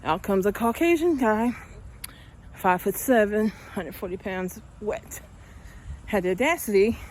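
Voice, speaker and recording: A woman's voice: medium pitch, animated, a little slow, a little mellow, slight background noise. A woman chatting and telling a story while out walking, a little out of breath, growing heated as she talks. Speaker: vlogger. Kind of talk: casual walking vlog. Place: outdoors, walking.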